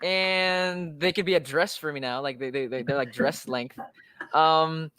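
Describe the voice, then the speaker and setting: A man's voice: fairly high pitch, fairly even intonation, moderate pace, pushed and bright, clear, resonant tone, no echo. A man in his twenties hosting a casual live chat, talking in a chatty, grateful way with lots of fillers. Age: 20s. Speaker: livestream host. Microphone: phone or webcam livestream.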